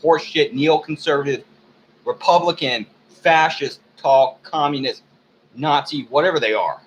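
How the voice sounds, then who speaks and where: An American man in an angry, unscripted rant, talking heatedly and profanely and often clearing his throat. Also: fairly high pitch, fairly bright tone, slight background noise, rough recording. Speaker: video blogger.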